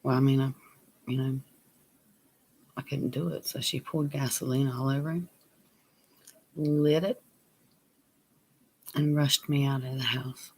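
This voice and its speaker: A man telling a personal story on his vlog, plain and unhurried, sometimes dropping to a near whisper. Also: medium pitch, level tone, a little mellow, husky. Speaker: vlogger.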